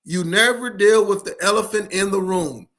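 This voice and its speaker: A man's voice: high-pitched, moderate pace, a bit bright. A man giving an emphatic talk on school leadership, repeating his key points for stress. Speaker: education speaker. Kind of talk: passionate solo talk to camera.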